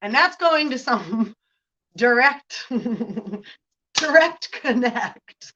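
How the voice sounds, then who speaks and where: A woman's voice: on the high side, expressive, drawn-out words, long pauses, sharp tone, dull audio. A woman giving a casual spiritual vlog talk, rambling, laughing often, swearing and asking "right?" again and again. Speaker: spiritual reader.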